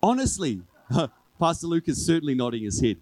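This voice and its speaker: Male pastor, conversational preacher with a slightly high voice, dry close sound, leans on repeated refrains. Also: very animated, moderate pace, a little mellow, dry recording, low-quality recording. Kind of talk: sermon. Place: church service with a congregation.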